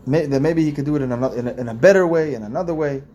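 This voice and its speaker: Conversational rabbi, slightly high voice. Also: male voice, rapid-fire, mellow, a little hiss or hum. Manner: conversational, repeats phrases and restarts, asks the listeners questions. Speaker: rabbi teaching a class. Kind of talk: informal religious lesson.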